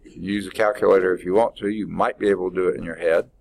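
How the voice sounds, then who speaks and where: A man's voice: low voice, steady tone, fast talker, gravelly. A middle-aged man, teaching a math class in an informal, folksy way and thinking aloud as he corrects himself. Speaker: math instructor. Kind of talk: classroom lecture.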